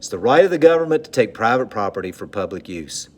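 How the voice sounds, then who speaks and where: A man's voice: fairly low pitch, sing-song, fast talker. A man teaching a recorded civics lesson in a conversational, joking way, repeating key terms so students can take notes. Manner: conversational, jokey, repeats points for note-taking.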